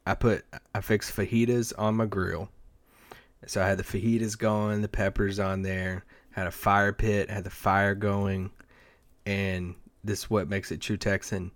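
A man's voice: low voice, steady tone, measured pace, dry recording. A man co-hosting a casual sports podcast, telling loose, rambling stories with lots of fillers and restarts. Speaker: podcast co-host, team site editor. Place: Dallas area.

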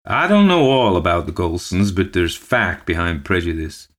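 A man acts out a friendly old townsman warning a younger man in earnest. The voice is low but lifted a little, warm in intent yet grave. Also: sing-song, normal speed. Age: older.

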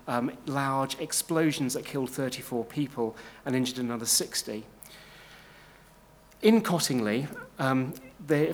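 A man lectures on history at a mid-range pitch. He speaks in a measured, explanatory way, and his sentences are often broken up by ums and small restarts. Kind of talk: illustrated history talk.

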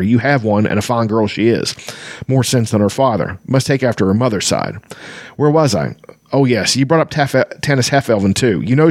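A man's voice: mid-range voice, darkish tone, no room sound, studio quality, lightly acted. A man reading a novel aloud and voicing a sleepy, absent-minded old male wizard who scolds and rambles.

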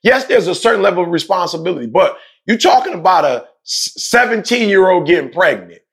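A man talks with passion, repeating key points and dropping slang in casual conversation. His voice sits high and carries a gravelly fry. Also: fairly quick. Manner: emphatic, repetitive, slangy, animated.

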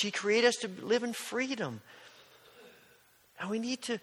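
Guy preaching a sermon, kinda high voice, chatty storytelling, echoey church hall. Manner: conversational storytelling, drops to soft near-whispers. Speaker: pastor.

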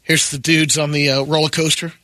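A man's voice: fairly high pitch, level tone, a little fast, bright, forceful tone. A man co-hosting a morning radio show, casually reading out odd news stories.

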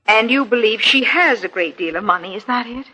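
An anxious, grateful wife. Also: female voice, a little high, expressive, a little fast, bright, forceful tone, husky, heavily acted, low-quality recording. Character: anxious, grateful married woman. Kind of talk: 1950s radio drama acting.

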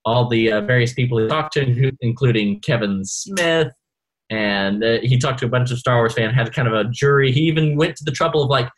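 Male podcast co-host, husky, casual and rambling. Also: medium pitch, fairly quick, low-quality recording. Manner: rambling, many fillers and restarts.

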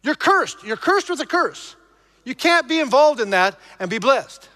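A male pastor preaching emphatically to his congregation, shifting between loud exhortation and low, intense passages. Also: big pitch swings, unhurried, big-room sound. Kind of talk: preaching a sermon.

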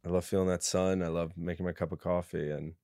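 A young man with a lowish voice talks as a podcast guest, relaxed and reflective and quick to laugh. His voice sounds close and dry, recorded on a studio mic. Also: dry recording. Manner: laid-back, reflective, easily amused. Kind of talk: casual podcast chat.

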